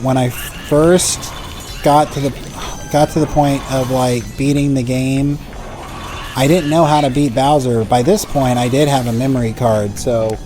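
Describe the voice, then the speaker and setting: A man's voice: mid-range voice, mellow. Rambling man doing gameplay commentary. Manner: rambling, full of "like" fillers. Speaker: let's play host.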